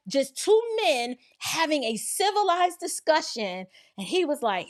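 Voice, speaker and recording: A woman's voice: high voice, measured pace, hardly any pauses. A woman hosting a casual livestream commentary, telling stories in a colloquial, emphatic way and acting out the dialogue. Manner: animated storytelling, acting out dialogue. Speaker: commentary channel host.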